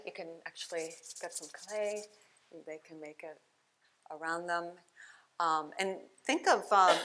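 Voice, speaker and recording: Bright-voiced woman giving a chatty keynote. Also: medium pitch. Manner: chatty, animated storytelling with laughs. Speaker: keynote speaker, play therapist. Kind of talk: conference keynote talk. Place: conference hall.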